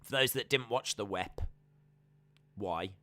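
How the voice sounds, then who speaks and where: A man's voice: on the low side, slow pace, sharp tone. A man chatting casually on a live reaction stream, repeating himself often as he talks. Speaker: streamer hosting a watch-along.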